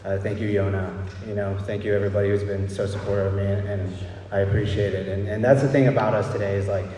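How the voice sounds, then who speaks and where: A young man from El Paso, Texas shares his recovery story at a meeting, his low voice fast, flat, and dark in tone. He speaks loosely and candidly, often checking in with "right?" and "you know." The hall is echoey, the mic distant, with faint background noise.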